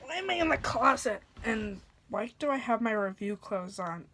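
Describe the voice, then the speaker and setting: A woman's voice: on the high side, lively intonation, moderate pace, fairly bright tone, a little hiss or hum. Snarky woman reviewing cartoons. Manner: snarky, sarcastic. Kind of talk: casual review narration.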